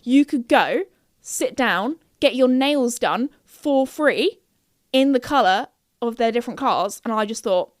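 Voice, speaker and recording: A woman's voice: on the high side, lively intonation, a little slow, no room sound, clean studio sound. A young woman hosting a podcast, chatting in a bubbly, rambling way, full of fillers. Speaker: podcast host. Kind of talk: casual chat.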